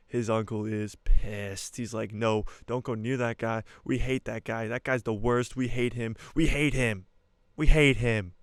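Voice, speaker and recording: An excitable young man hosting his own fan channel, jokey and quick to change pace. His voice is middle-pitched and the sound is dry and close. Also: no room sound. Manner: excitable, jokey, speeds up and slows down. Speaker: YouTuber host. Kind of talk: casual fan commentary.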